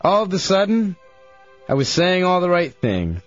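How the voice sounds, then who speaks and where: A man's voice: high voice, sing-song, moderate pace, no echo. A young man on a radio show reading his old diary aloud in a sloppy, laughing, drunken-sounding way. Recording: dull lo-fi radio broadcast with faint music.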